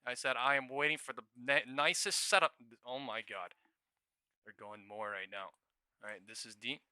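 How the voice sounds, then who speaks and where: Young guy streaming day trades, super bright sharp voice, dry close mic, cusses a lot and gets hyped. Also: mid-range voice, normal speed, smooth, no room sound. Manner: swears a lot, bursts into shouting and laughter. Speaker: day-trading livestream host. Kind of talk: excited live trading commentary. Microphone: new studio mic.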